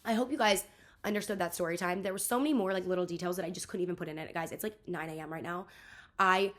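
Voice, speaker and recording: A young woman rattles through a storytime to her followers, words tumbling out quickly. Her voice is bright and a touch low for a woman, and she sounds exasperated as she vents, peppering every sentence with "like". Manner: rambling, heavy use of "like", quoting others; exasperated, venting. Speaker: vlogger. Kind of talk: casual storytime vlog.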